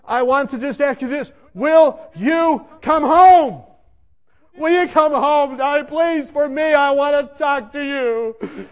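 A man voicing a weeping, frantic mother who pleads with her son on the phone in high, crying tones. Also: slow, muffled recording. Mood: pleading, tearful.

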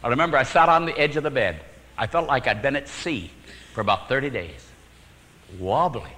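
A man preaching a sermon, telling his own story with sudden swings from emphatic to hushed and chuckling at his own jokes. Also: mid-range voice, expressive, brisk, in a large hall, low-quality recording.

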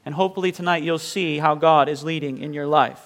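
A man's voice: a little high, steady tone, brisk. A male pastor from southern Maine, probably in his thirties, preaching a sermon in an earnest manner that builds intensity on key points.

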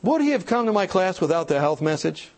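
Man, high voice, church seminar talk, animated storytelling, asks the audience questions. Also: brisk. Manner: animated storytelling, acts out quoted people. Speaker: health speaker.

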